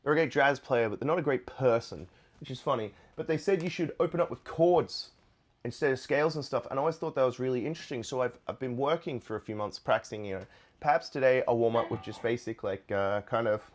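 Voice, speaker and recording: A man, a guitarist, chatting casually to camera in a relaxed, rambling way with many fillers. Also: medium pitch, fast. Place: Nashville. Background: guitar playing.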